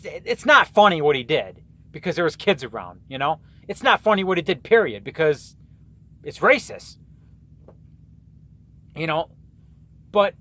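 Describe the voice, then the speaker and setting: A man's voice: on the high side, a bit bright. A man who drives a truck, ranting to camera in a rambling, repetitive way with many restarts. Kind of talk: casual rant to camera.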